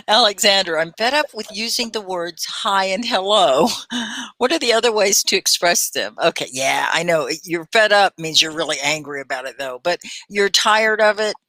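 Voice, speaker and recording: A woman from Texas with a Texan accent, hosting a casual live English lesson, chatty and quick to laugh as she sounds words out. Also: medium pitch, animated, pushed and bright, no room sound. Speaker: ESL teacher and host.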